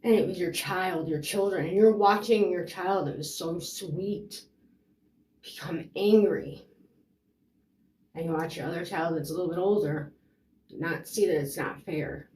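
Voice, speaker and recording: A woman's voice: lowish voice, measured pace, mellow, slight background noise. A woman telling her own story of a custody fight, rambling and frustrated, with lots of fillers. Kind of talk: personal storytelling. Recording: roomy echo.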